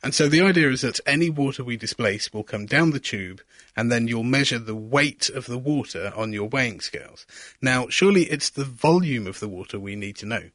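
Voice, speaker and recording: A man's voice: medium pitch, lively intonation, fairly quick, a bit bright, no room sound. Man, science show presenter, curious questioning, dry close sound. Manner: curious, asks leading questions, narrates each step. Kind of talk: hands-on science demonstration chat.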